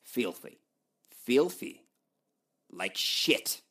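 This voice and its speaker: Slow, animated male story teacher. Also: medium pitch. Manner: asks questions and answers them himself, playful. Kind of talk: question-and-answer story lesson.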